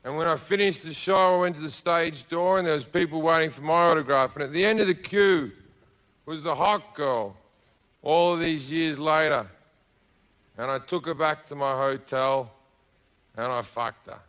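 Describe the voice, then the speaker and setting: A man telling a crude story as a stand-up comedian on a theatre stage, with deadpan asides and shouted put-on voices. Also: on the high side, normal speed, clear, resonant tone. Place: theatre stage before a laughing audience.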